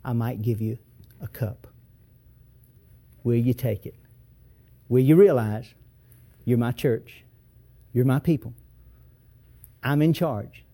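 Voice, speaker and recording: A man voicing a gentle, reassuring divine speaker, in a tender, quiet way. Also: mid-range voice, slow, pauses often, voice pushed down.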